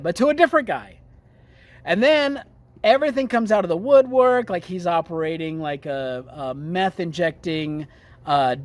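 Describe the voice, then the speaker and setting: A man with a high-pitched voice rants through a commentary monologue, swearing freely and dripping with sarcasm. His delivery jumps from muttering to sudden loud bursts of indignation. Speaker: political commentary host.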